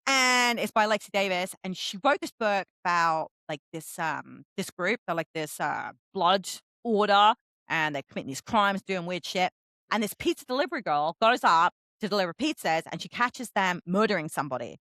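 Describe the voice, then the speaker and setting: A woman co-hosting a book podcast in casual chat, who swears freely and acts out quotes with big jumps in pitch. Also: expressive, normal speed, bright, forceful tone, no echo. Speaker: podcast co-host.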